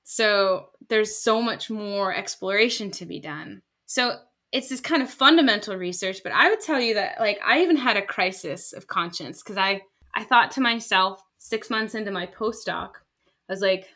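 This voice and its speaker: A woman scientist in her thirties, explaining her research in lively casual conversation and acting out quoted voices. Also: mid-range voice, moderate pace. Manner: animated, acts out quoted voices. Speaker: scientist guest.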